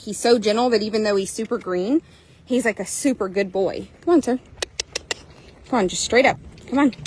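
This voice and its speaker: In a rough recording with slight hiss or hum, a medium-pitched woman gives viewers a casual tour of a horse she's selling on an outdoor trail course. The seller and trainer sounds upbeat and chatty. She's hot and somewhat winded.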